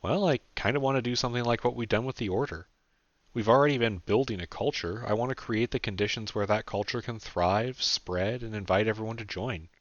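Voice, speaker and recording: A man's voice: on the low side, fairly quick, no echo, pitched above the performer's own voice, close to an everyday voice. A man voicing a rambling, candid young leader. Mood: earnest. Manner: rambling, casual, swears freely. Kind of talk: audiobook character voice. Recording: dull dry lo-fi recording.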